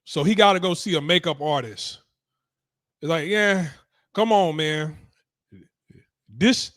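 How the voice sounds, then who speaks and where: A man's voice: on the high side, slow pace, long pauses, a bit bright, no room sound, studio quality. A young man giving casual reaction commentary as a show host, blunt, profane and dismissive. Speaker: streaming talk show host.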